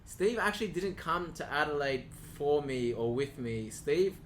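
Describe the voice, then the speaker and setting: A man's voice: on the high side, animated, unhurried, a bit bright, a little hiss or hum. A man speaking as a podcast guest, earnest and reflective in casual conversation. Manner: earnest and reflective, says "bro".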